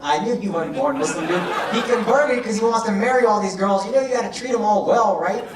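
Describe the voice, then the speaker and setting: A man's voice: high-pitched, fast talker, recorded from a distance, background noise. A male comedian doing crowd work on stage, with brash, profane, teasing banter aimed at the audience. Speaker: stand-up comedian. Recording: roomy club with loud audience laughter. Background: audience laughing.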